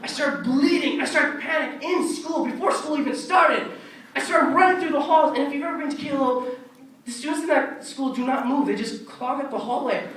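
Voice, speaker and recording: A man's voice: very high voice, normal speed. Teenage boy doing stand-up in an echoey hall. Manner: animated, jumps between silly voices. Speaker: stand-up performer. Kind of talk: stand-up comedy. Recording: echoey hall from far off, noisy.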